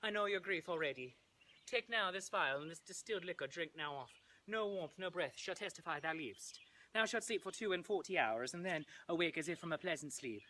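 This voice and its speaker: A man voicing a kindly old friar, speaking softly and solemnly in a put-on Italian accent. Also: a little high, lively intonation, brisk, pitched below the performer's own voice. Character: kindly old male friar, hushed and grave.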